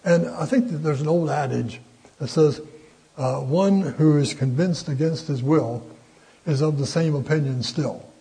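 An older man teaching a Bible study in a folksy, conversational way, pausing often with fillers. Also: a little high, vocal fry, dark tone, slightly rough, rough recording.

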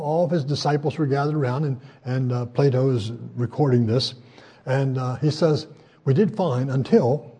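An older man preaching a sermon in a folksy, conversational way, pausing often with fillers and raising his voice when he quotes scripture. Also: a little high, darkish tone, husky. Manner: folksy, conversational, frequent hesitations; voice rises when quoting scripture.

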